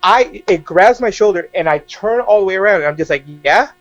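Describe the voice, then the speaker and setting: A young man telling a story casually as a podcast guest, animated and laughing often as he acts out quoted dialogue. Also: high-pitched, fairly quick, dull audio, soft background music.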